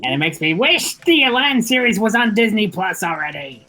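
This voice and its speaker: Animated man chatting about cartoons. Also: high voice, moderate pace, over music. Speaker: voice actor in group chat. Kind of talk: casual chat.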